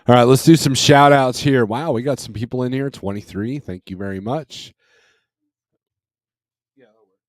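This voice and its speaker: This is casual live chat from a man hosting a livestream at home, rambling easygoingly and chuckling often into a desk microphone. He speaks at medium pitch and a moderate pace with long pauses. There's no room sound.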